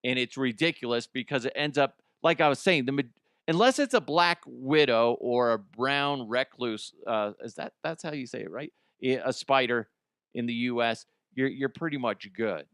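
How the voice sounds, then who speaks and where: A man from the United States hosts a comedy news show, rambling through stories with casual swearing and laughing at his own jokes. His voice is smooth and resonant in a mid register. The sound is dry and close, with no room echo. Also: mid-range voice, moderate pace, fairly bright tone.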